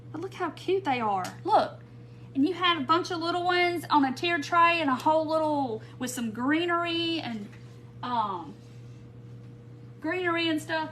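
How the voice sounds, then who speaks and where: A woman with a slightly high voice hosts a casual craft live stream. She talks in a chatty, gushing way and reads her viewers' comments aloud as she works. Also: fairly bright tone, a little hiss or hum. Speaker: craft tutorial host.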